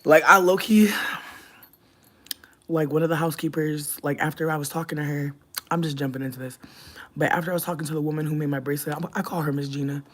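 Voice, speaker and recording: A young adult livestreamer chatting casually with viewers, telling profane stories with sudden loud, high outbursts and soft, near-whispered asides. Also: fairly even intonation, quick pace. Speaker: livestreamer reading chat.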